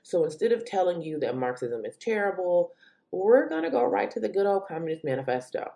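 Woman host ranting on her show, low mellow voice that shoots way up when she gets exasperated. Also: fairly quick, vocal fry. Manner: animated, exasperated rants with sudden high pitch jumps. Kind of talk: opinion commentary monologue.

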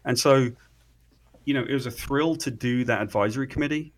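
A middle-aged man, an interview guest telling stories excitedly, swearing freely and often restarting his sentences. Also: mid-range voice, brisk. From Britain. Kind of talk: animated storytelling in conversation.

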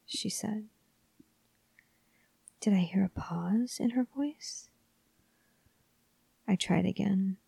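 A woman narrating a horror story in a soft, hushed, often whispery voice, measured and calm. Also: mid-range voice, vocal fry, husky, no room sound.

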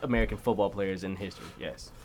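A man co-hosting a casual sports chat, loose and excitable, swearing and laughing often. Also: low-pitched, fast talker, over a noisy crowd. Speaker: podcast co-host.

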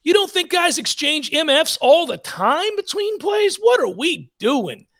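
Fired-up high-voiced sports ranter. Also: male voice, big pitch swings, a little slow, fairly bright tone. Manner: fired-up ranting, blunt and profane. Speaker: sports talk co-host. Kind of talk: sports talk podcast.

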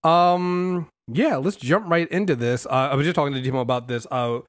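A young man hosts a casual recap chat about a TV episode, his voice a bit higher than most men's. He rambles with plenty of ums and restarts and keeps his delivery lively and animated. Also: normal speed. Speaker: podcast host.

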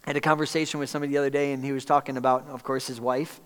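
A man's voice: mid-range voice, flat delivery, very fast, fairly bright tone, clear, resonant tone. A middle-aged man preaching a sermon in a conversational way, asking the congregation questions. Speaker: pastor. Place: church hall with a congregation. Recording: reverberant hall.

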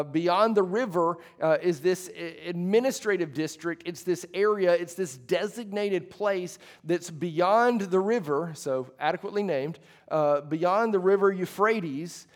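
A man delivers a sermon to his congregation in a church hall. His voice sits a little high for a man. He keeps it conversational and loose, often restarting phrases and making asides. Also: unhurried, few pauses. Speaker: pastor.

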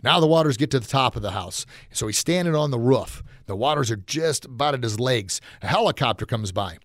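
A man's voice: mid-range voice, expressive, a little fast, dry recording, clean studio sound. Folksy motivational podcast host, man. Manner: folksy, encouraging, frequent fillers. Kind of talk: motivational talk.

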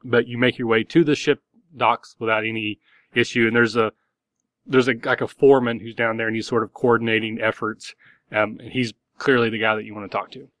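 A man's voice: mid-range voice, little pitch movement, a little fast, a bit bright, no room sound. Rambling game master man, dry sound. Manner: loose and rambling, many fillers. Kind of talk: narrating a tabletop game.

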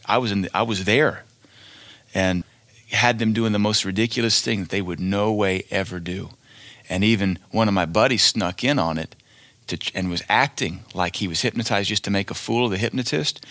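A man's voice: on the low side, fairly bright tone, no room sound. A male preacher giving a fiery sermon, blunt and scornful, hammering each point with emphatic declarations.

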